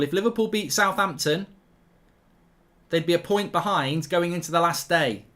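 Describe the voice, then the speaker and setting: A middle-aged man hosting a live football watchalong, ranting excitably and repeating himself as the match unfolds. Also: sits high.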